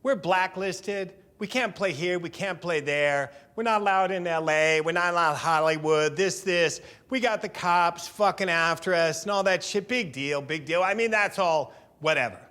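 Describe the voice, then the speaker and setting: A man interviewed for a documentary, telling stories in a lively, profane way and acting out what others said. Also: high-pitched, normal speed, few pauses, smooth. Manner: lively, profane storyteller who acts out quotes. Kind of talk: animated anecdote storytelling.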